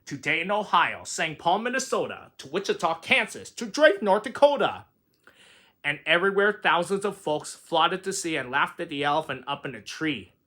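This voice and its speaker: A man's voice: on the high side, big pitch swings, moderate pace, pushed and bright. A man reading a rhyming picture book aloud with a sing-song delivery. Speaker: reader.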